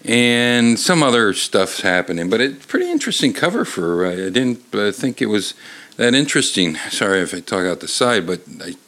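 A man's voice: lowish voice, very animated, normal speed, fairly bright tone. A middle-aged man hosting his own show, talking into a desk microphone in a loose, rambling monologue that keeps breaking off and restarting, with casual swearing. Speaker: show host.

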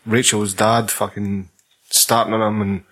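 A man's voice: lowish voice, little pitch movement, measured pace, a bit bright, breathy edge. A man with a Scottish accent in a casual film chat, blunt, swearing heavily and repeating himself. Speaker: podcast co-host.

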